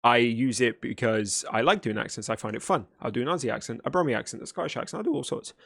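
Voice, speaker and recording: A man talking back at a video he is reacting to. He is blunt and exasperated and lectures at length. His voice sits at a middling pitch, and the recording is dry and close. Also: fast, vocal fry, fairly bright tone, dry recording. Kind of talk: argumentative reaction commentary.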